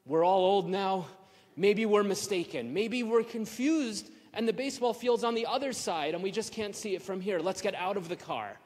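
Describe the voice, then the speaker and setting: Man voicing his reassuring older mother, coaxing tone, high voice, echoey hall. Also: moderate pace, darkish tone. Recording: long hall reverb.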